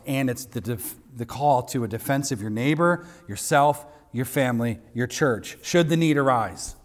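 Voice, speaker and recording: A man preaching a sermon, emphatic and building to forceful peaks. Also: medium pitch, normal speed, hardly any pauses. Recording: long hall reverb.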